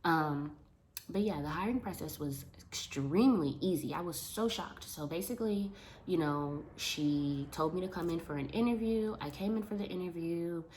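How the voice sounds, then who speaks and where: Young woman vlogging, low voice, super animated, chatty. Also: normal speed, slight background noise. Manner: animated, talks with her hands. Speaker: vlogger, school paraprofessional. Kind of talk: casual vlog chat to camera.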